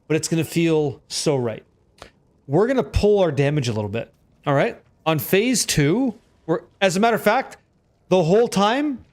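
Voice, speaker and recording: A man with a notably high speaking voice narrates his game for a live chat. He is excitable and playful, swearing casually as he reacts to the action. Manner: excitable, joking, swears freely. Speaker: game streamer. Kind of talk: live gameplay commentary with chat.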